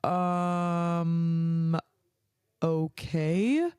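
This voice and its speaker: A woman's voice: fairly low pitch, steady tone, very slow, darkish tone, clear, resonant tone, no echo, studio quality, faint music behind. A young adult woman hosting a podcast, telling stories casually, swearing freely and leaning on "like" as she talks. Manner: chatty, swears freely, heavy use of "like". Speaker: podcast host. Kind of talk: casual storytelling.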